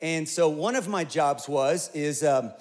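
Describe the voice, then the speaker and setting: Male pastor, forties, animated storyteller, higher voice, acts out voices. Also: measured pace. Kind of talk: storytelling sermon.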